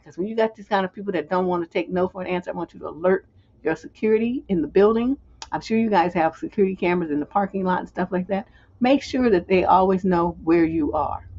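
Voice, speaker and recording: A woman's voice: fairly low pitch, darkish tone, breathy edge, highs cut off. A middle-aged woman hosting a live relationship advice stream, speaking bluntly and emphatically, with some profanity. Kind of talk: live advice stream, answering a viewer letter.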